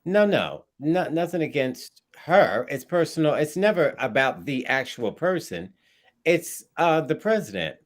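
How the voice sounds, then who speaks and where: A man's voice: on the high side, big pitch swings, measured pace. A man on a talk panel, making his points emphatically with frequent ums. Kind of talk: casual debate.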